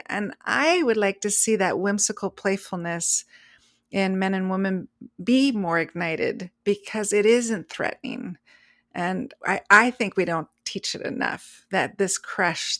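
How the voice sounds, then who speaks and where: A woman's voice: mid-range voice, a bit bright, dry recording, clean studio sound. A woman co-hosting a podcast, telling a childhood story in casual chat, laughing often and restarting her sentences. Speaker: podcast co-host.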